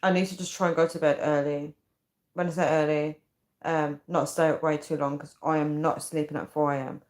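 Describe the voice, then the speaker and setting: A woman's voice: deep voice, level tone, fairly quick, a little mellow. A woman in her thirties, tired and chatty, reading out comments on a casual live stream. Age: 30s. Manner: chatty and giggly, often breaking into laughter. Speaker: livestream host.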